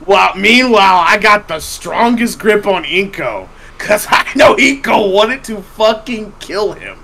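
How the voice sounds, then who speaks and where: A man's voice: high-pitched, expressive, unhurried, gravelly, crowd noise, low-quality recording. A man hosting a podcast, telling a profane story in a casual chat and laughing often. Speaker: podcast host.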